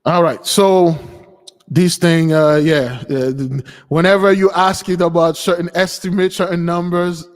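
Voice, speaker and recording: The host of a spiritual channel speaks in a high, fairly even, unhurried voice with long reverb. As a spiritual teacher in a casual livestream, he wanders from topic to topic and regularly questions his audience.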